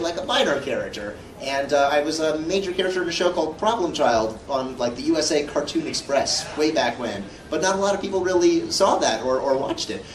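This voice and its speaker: Chatty animated man in an echoey hall. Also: on the high side. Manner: rambling and animated, with lots of filler words. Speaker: voice actor guest at a convention panel. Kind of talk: casual Q&A storytelling. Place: large convention hall. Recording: echoey hall from far off with hum.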